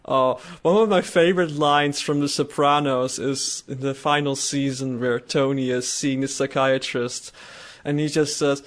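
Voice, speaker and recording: A man's voice: medium pitch, fairly even intonation, measured pace. A man co-hosting a casual podcast, rambling and laughing often as he talks. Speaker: podcast co-host. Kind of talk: casual chat.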